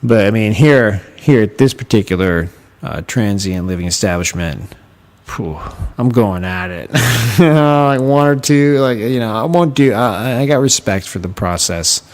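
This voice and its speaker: A man's voice: fairly low pitch, lively intonation, measured pace. A man hosting a casual comedic podcast monologue from a hotel room, rambling and profane, laughing often. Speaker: podcast host.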